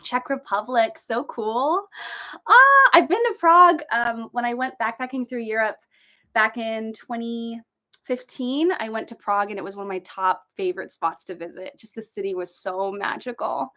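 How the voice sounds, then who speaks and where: Young adult woman host from San Diego, casual livestream, bubbly and effusive, a bit high-pitched. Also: normal speed, bright, forceful tone. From San Diego, USA. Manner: bubbly, gushing, often jumps up in pitch reading greetings. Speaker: author and video creator hosting a livestream. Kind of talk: casual livestream chat reading comments. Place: desk at home overlooking the ocean.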